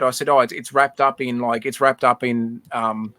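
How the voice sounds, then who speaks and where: A man chatting casually on a livestream, his voice set in an ordinary middle pitch. He tells a heartfelt family story and stumbles over repeated words as he goes. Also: normal speed, bright, forceful tone. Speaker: livestream host. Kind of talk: casual chat.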